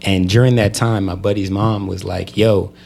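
Young guy, lowish voice, easygoing storyteller, laughs a lot. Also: fairly even intonation, normal speed, gravelly, a little mellow, a little hiss or hum. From United States. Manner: laid-back storytelling with laughs and slang. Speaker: guest. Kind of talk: casual conversation.

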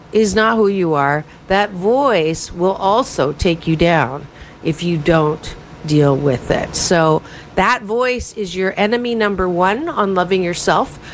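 A woman hosting a morning radio talk show as a happiness coach, giving self-help advice in an animated way with quick asides, speaking from a studio. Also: lowish voice, a little hiss or hum, poor audio.

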